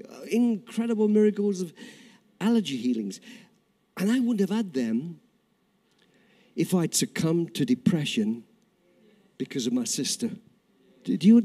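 An older man preaching a sermon and telling a personal story, in an animated, repetitive storytelling way. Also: high voice. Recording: reverberant hall.

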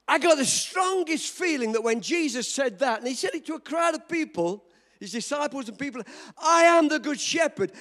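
A high-pitched, lively male pastor preaches to his congregation, joking and then driving his points home with emphatic bursts. His voice swoops up and down as he goes. Long reverb from the church hall trails behind every phrase. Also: a little fast. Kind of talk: sermon.

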